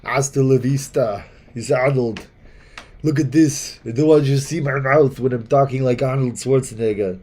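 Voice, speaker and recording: A man doing a loud, hammy impression of a boastful muscleman action hero with a mock Austrian accent. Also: steady tone, measured pace, lightly acted. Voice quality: loud, booming put-on voice that keeps slipping. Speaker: impression of a famous action star.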